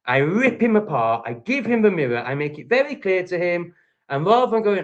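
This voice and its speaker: A man's voice: sits high, very animated, fast, muffled recording. A man from England with an English accent, ranting angrily and profanely on a livestream. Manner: profane, heated, repetitive ranting. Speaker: livestream host. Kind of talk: angry livestream rant.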